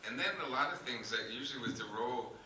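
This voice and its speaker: A man's voice: mid-range voice, quick pace, bright, forceful tone. A man, an actor, answering audience questions at a convention panel, telling rambling anecdotes with many fillers. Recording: echoey hall, distant mic, noisy.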